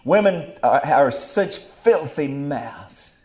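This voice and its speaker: A middle-aged man preaching a fiery Bible sermon. He drops to low murmurs, then bursts into loud exclamations. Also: expressive, takes it slowly.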